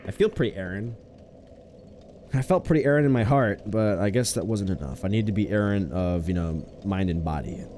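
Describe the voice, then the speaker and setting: A man's voice: fairly low pitch, expressive, brisk, warm tone. A man streaming a video game, rambling in casual commentary with sudden yelps. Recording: noisy stream recording.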